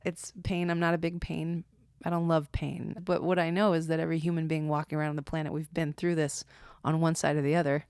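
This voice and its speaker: A woman with a notably low voice talks through her thoughts as a podcast guest, pregnant and reflective, often searching for the right words. The sound is dry and close, with no room around it. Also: little pitch movement, brisk, a little mellow, clean tone, dry recording. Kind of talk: casual chat.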